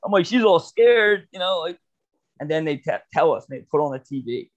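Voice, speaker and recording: A man tells a rambling story on a podcast, swearing freely and breaking into laughs. His voice sits a little high for a man. The audio is dull and lo-fi. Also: animated, a little fast. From Philadelphia area. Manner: rambling, profane, laughs often. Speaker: podcast co-host. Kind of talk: casual storytelling chat.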